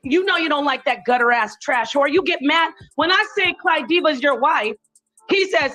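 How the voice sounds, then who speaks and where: High-voiced woman in an angry rant. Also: animated, moderate pace, bright, forceful tone, soft background music. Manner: angry, profane, confrontational. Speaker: live streamer. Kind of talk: heated live-stream rant.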